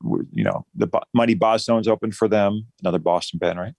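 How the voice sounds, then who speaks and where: Middle-aged jersey-born guy, kinda low voice, rambly storyteller, dry close mic. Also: fairly quick, gravelly, darkish tone, no room sound. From New Jersey. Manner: rambling, self-deprecating storyteller. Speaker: musician guest. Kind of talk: casual interview chat.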